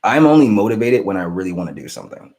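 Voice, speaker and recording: A man's voice: fairly low pitch, big pitch swings, quick pace, a little mellow. A young man hosting a casual live stream, rambling and apologetic as he answers viewer questions. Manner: rambling, self-interrupting, apologetic.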